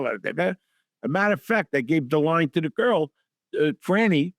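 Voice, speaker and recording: Animated older man telling stories. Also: a little high, moderate pace, no echo, studio quality. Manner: animated anecdote-teller acting out dialogue. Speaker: actor guest. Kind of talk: storytelling interview.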